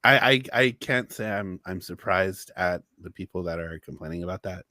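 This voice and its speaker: A man's voice: deep voice, normal speed, bright, forceful tone, no room sound, clean studio sound. A man co-hosting a podcast, stammering into wry asides during casual chat.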